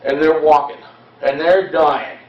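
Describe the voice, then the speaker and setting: A man's voice: fairly high pitch, steady tone, measured pace. A man giving an impassioned, dramatic history talk to an audience, telling the story with shifting pace. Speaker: history presenter. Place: hall at a historical society event. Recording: echoey hall, distant, dull lo-fi.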